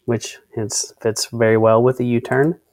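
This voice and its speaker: A man's voice: mid-range voice, level tone, measured pace, a little mellow, no echo. A man co-hosting a casual Bible-study discussion, often restarting his sentences and reading out word definitions. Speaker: co-host of a faith discussion.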